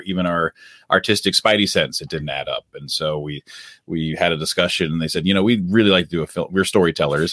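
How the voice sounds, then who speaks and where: A documentary director, appearing as a guest in an interview, talks casually in an earnest, rambling way with many restarts. His voice is deep yet fairly bright, recorded at studio quality with no echo.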